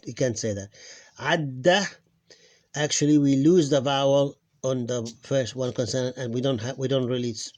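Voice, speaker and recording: A man's voice: mid-range voice, moderate pace, darkish tone. A man teaching Arabic phonics in an informal lesson, thinking aloud, correcting himself and stretching out the example words he models.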